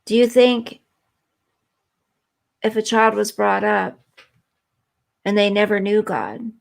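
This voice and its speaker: A woman's voice: mid-range voice, fairly even intonation, takes it slowly, vocal fry. A woman hosting a live stream, chatting earnestly and emotionally with viewers and reading their comments.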